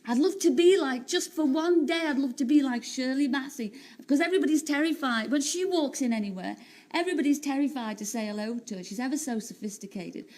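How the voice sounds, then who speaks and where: A woman in her late thirties from Liverpool, speaking with a Liverpool accent as a talk-show guest, telling stories in a chatty, animated way and laughing often. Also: sits high, fairly quick. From Liverpool, England. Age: 30s. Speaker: singer and TV entertainer, guest. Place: TV studio.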